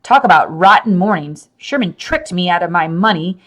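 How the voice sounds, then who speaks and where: A woman reading a children's chapter book aloud with animated, expressive storytelling. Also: fairly low pitch, moderate pace. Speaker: storybook reader.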